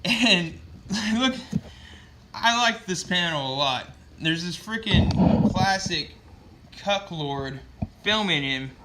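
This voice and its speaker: A man's voice: on the high side, noisy background. A man casually recapping a comic book issue with loose, profane storytelling and lots of fillers.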